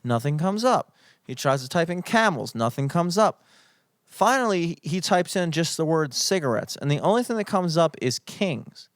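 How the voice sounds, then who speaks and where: A man's voice: on the high side, very animated, normal speed, dry recording, clean studio sound. A young man co-hosting a podcast, telling a story in a casual, profane, mock-outraged way. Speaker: podcast co-host.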